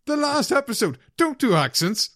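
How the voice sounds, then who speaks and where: A man's voice: extremely high pitch, moderate pace, no echo. Teasing man, dry close sound. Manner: teasing, sweary banter, deadpan jabs. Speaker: podcast co-host. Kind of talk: casual chat.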